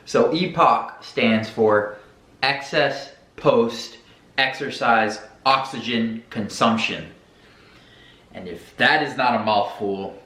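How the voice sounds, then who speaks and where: A man explains workout science as a comedic fitness host, cracking crude jokes in an animated way. His mid-pitched voice echoes around a roomy space. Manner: jokey, profane and animated. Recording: echoey room.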